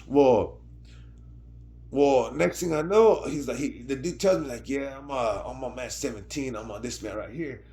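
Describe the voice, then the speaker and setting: A middle-aged man telling a story to camera in a casual, slangy, rambling way, often asking "right?". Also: fairly high pitch. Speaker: vlogger.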